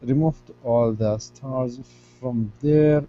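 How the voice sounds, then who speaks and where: A man's voice: medium pitch, slow, warm tone, lo-fi sound, soft background music. A man hesitantly sounding out and repeating words as a student in a reading lesson. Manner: hesitant, repeats words to get them right.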